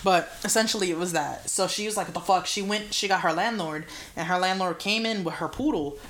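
A young woman co-hosting a podcast tells a creepy story in casual chat, swearing a lot and leaning on "like" and "right?". Her voice is lowish, brisk and a bit bright, with a little hiss or hum in the background.

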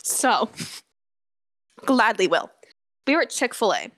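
Animated teenage girl telling a story. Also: fairly high pitch, slow pace. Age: teens. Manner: animated, laughs often, swears freely. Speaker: podcast co-host. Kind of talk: casual storytelling chat.

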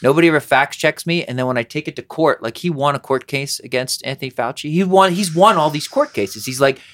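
A man hosting a podcast, chatting casually in a rambling, animated way and swearing freely. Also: medium pitch, a little fast. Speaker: podcast host. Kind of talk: casual chat.

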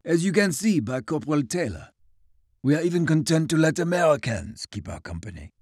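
A man's voice: on the high side, sing-song, a little fast, a little mellow, slightly rough, no echo. A man voicing a wry soldier who jokes in a dry, amused tone.

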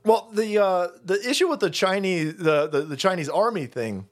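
A male livestream host rants with a sarcastic, foul-mouthed edge. His voice sits a bit high for a man and swings widely in pitch as he jabs at his points. He breaks into laughter now and then. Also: animated, normal speed. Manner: profane, sarcastic, laughs often. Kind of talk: casual political rant.

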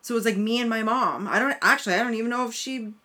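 Bright-voiced woman in casual chat. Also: on the high side. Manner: casual, swearing, quick reactions. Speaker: podcast co-host.

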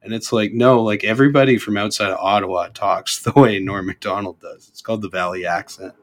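A man's voice: on the low side, fairly even intonation. A young Canadian man with a Canadian accent, chatting as a podcast guest, rambling with lots of fillers and restarts. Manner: rambling, halting, with many fillers and self-corrections. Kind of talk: casual chat.

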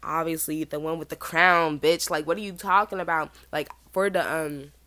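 A woman in her twenties hosting a podcast, telling a story in a chatty, animated way and feeling a bit sick. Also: normal speed, dry recording. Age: 20s. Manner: chatty, animated, mimics other people in high voices. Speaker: podcast host. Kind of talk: casual storytelling monologue.

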